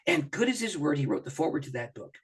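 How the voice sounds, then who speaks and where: A middle-aged man with a slightly husky voice tells personal stories as a guest in an interview. His pitch swings widely as he acts out his own thoughts, and he laughs often as he talks. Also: very animated, fast talker. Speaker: pastor and author, interview guest. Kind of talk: animated personal storytelling in an interview.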